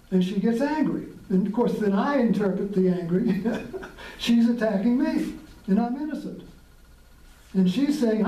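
A man's voice: high-pitched, animated, measured pace, warm tone. A man hosting a casual spiritual talk, reflective and rambling, chuckling often as he explains. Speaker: podcast host. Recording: roomy sound from a distant mic.

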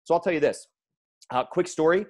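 A man speaking to teachers in a training talk, an emphatic and energetic storyteller who calls his audience "guys". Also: fairly high pitch, fairly quick. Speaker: education speaker.

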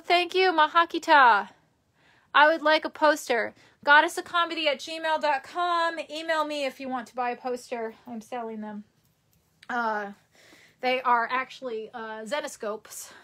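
A woman's voice: fairly high pitch, a bit bright. A young woman with a New York accent, rambling chattily while she chats on a livestream and reads out comments. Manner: rambling and chatty, with many fillers and laughs. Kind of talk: casual livestream chat reading comments.

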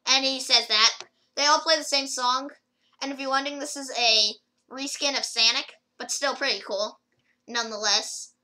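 A woman chats loosely through a gameplay video in a very bright, sharp voice that sits a little high. She rambles and fills pauses with fillers, often stopping and restarting her sentences. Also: fairly even intonation, poor audio. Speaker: gaming video creator. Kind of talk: casual gameplay commentary.

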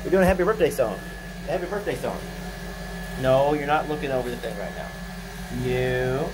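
A man's voice: a little high, animated, fairly quick, background noise. A man making a casual birthday video at home, rambling, singing and coaxing his pet.

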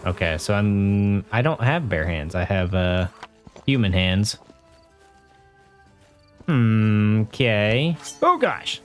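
A man's voice: on the low side, expressive, takes it slowly, long pauses, soft background music. Chatty man narrating a game. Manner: chatty, self-mocking, muttering reactions. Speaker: let's play host. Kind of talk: casual gameplay commentary.

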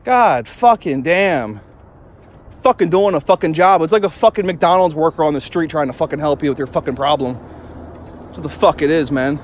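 A man's voice: a little high, steady tone, fairly quick, slight background noise. A young man filming himself on a phone in his car at night, ranting angrily, swearing constantly and restarting his sentences. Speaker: vlogger. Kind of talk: profane ranting vlog. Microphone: phone held in hand.

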